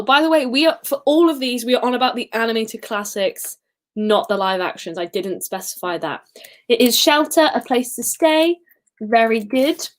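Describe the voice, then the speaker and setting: Chatty high-voiced woman hosting a quiz. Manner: chatty and giggly, sings snippets. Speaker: quiz host. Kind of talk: casual live-stream quiz.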